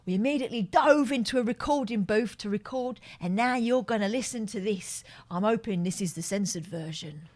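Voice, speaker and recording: A woman's voice: mid-range voice, brisk, hardly any pauses, darkish tone. A woman co-hosting a radio show, teasing and telling a story in casual banter. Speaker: radio co-host.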